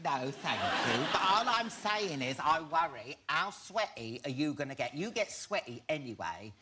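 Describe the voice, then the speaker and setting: A man with an English accent hosting a comic chat show, teasing his guests with quick camp jokes and laughing often. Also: fairly high pitch, very animated. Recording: loud studio audience laughter and noise. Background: studio audience laughter.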